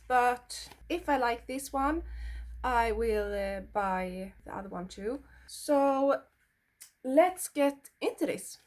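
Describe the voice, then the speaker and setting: Slow-talking Swedish-accented woman. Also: a little high. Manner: blunt, swears freely, chatty. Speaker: beauty vlogger. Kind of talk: casual makeup tutorial chat.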